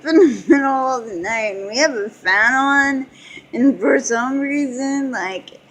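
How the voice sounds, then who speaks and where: A woman's voice: on the high side, a bit bright, breathy edge, rough recording. A woman in her thirties vlogging in casual chat, rambling and giggling often as she talks. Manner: giggly, rambling, frequent laughter.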